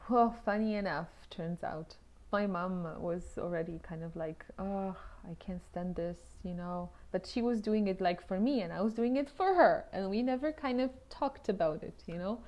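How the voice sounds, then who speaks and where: A woman's voice: mid-range voice, normal speed. Woman vlogger, casual personal storytelling, chatty with restarts and exclamations, slips into half-whispers. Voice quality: lively, often drops into soft half-whispered asides. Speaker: vlogger telling her own story.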